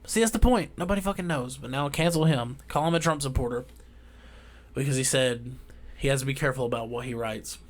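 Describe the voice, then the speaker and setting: A man with a drawl delivering a heated, profane ranting monologue as a vlogger, swinging between loud outbursts and quiet asides. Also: medium pitch, a little fast.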